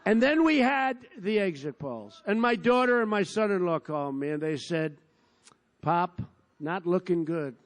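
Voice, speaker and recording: A man's voice: sits high, sing-song, moderate pace, hardly any pauses. Boastful older man giving a rally speech. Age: 70s. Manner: boastful, digressive, repetitive, bursts into shouting. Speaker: politician at a rally. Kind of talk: rambling campaign rally speech. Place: large outdoor field rally.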